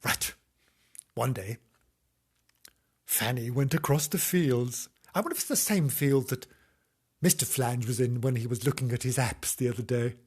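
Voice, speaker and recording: A man's voice: mid-range voice, normal speed, long pauses, darkish tone, husky. A man giving a comic reading of a children's story, breaking off for giggly, innuendo-laden asides. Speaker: reader and comic host.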